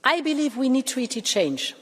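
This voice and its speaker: Woman giving a measured speech in a reverberant hall. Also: high voice, big pitch swings. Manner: measured, emphatic, with deliberate pauses. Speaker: Commission president addressing parliament. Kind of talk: formal political speech. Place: large parliament chamber. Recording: long reverb of a large hall.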